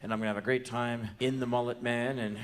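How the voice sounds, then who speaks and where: A man in his forties telling a long comic story live on a theater stage, animated and breaking into loud yelps and acted-out quotes. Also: mid-range voice, quick pace, slight background noise. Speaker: spoken word performer. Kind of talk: live spoken word storytelling. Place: large theater stage before a live audience.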